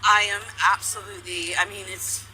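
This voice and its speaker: A woman guest in a live broadcast interview, emotional and halting as she talks. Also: medium pitch, little pitch movement, pushed and bright, soft background music, rough recording. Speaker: guest, eclipse chaser.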